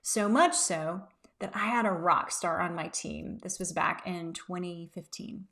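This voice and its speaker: A woman in her thirties, a business coach talking casually to camera, telling workplace stories with emphatic, animated asides. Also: lowish voice, unhurried, creaky.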